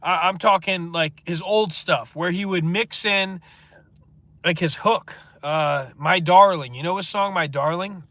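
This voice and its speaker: A man's voice: high-pitched, unhurried, fairly bright tone, no echo. A man with a stuffy nose, hosting a livestream and reading viewer comments in a rambling, earnest monologue full of filler words.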